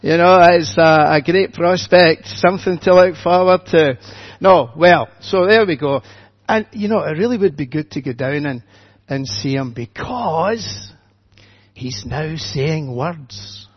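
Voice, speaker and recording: An older man, a minister giving a gentle, chatty children's talk in church with light humour. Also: fairly high pitch, measured pace, lo-fi sound.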